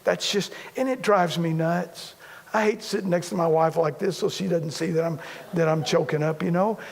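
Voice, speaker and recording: Preacher guy, pretty high voice, chatty and self-mocking, big echoey church hall. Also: normal speed, gravelly. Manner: conversational, repetitive, self-deprecating humor. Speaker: pastor. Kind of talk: sermon.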